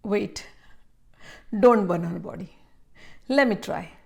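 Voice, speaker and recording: A woman voicing a calm, compassionate older holy man who speaks gently and reassuringly. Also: medium pitch, takes it slowly, vocal fry.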